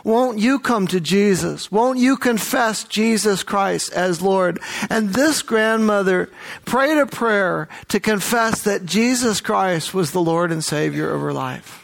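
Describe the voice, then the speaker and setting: Middle-aged male preacher, lighter high voice, lively storytelling sermon delivery. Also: takes it slowly, gravelly. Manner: animated storytelling, rising to excited exclamations. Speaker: missionary preacher.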